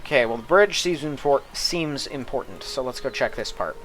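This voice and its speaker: A man's voice: mid-range voice, expressive, normal speed, fairly bright tone, a little hiss or hum. A man hosting a casual let's play with wry asides and on-screen text read aloud. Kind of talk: casual gameplay commentary.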